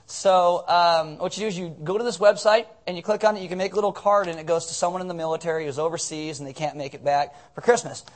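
A man's voice: fairly high pitch, steady tone, quick pace, few pauses. A man leading a church service as pastor, rambling and joking through announcements while drowsy on cold medicine. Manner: rambling, joking, self-mocking. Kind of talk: casual sermon with announcements.

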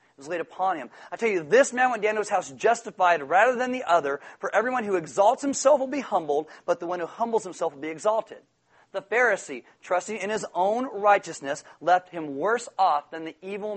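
A man preaching a sermon, animated and acting out the voices of people in his examples. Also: high voice. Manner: animated, acts out quoted voices. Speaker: pastor.

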